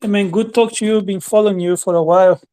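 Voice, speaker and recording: A man's voice: sits high, steady tone, quick pace, warm tone. A man calling in to chat, friendly and rambling. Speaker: caller. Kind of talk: casual call-in chat.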